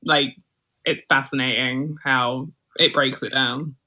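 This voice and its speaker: A woman's voice: a bass voice, fairly even intonation, takes it slowly, sharp tone. A woman guesting on a podcast, chatting casually with lots of "like" fillers.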